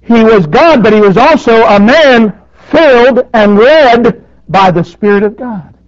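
A man preaching a sermon, surging loud on his points and dropping to near quiet, with dynamic swings in force. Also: very high voice, expressive, unhurried, dry recording. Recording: dull dry lo-fi recording.

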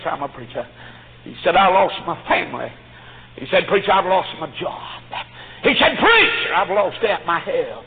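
Preacher guy going hard, high voice, lots of uh's, sounds like an old tinny phone-line tape w/ a bit of music behind. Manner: fervent, with frequent "uh" between phrases. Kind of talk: sermon.

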